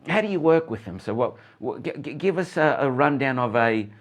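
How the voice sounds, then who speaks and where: A man's voice: mid-range voice, animated, a little fast. A man hosting a live interview, asking rambling questions full of restarts. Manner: rambling, many restarts and fillers. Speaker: host, interviewer.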